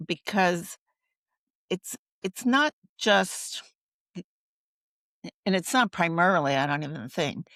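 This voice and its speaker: A woman's voice: on the low side, animated, takes it slowly, pauses often, a bit bright, no echo. A woman guest in a conversational interview, talking earnestly and thoughtfully and expanding her points with personal stories.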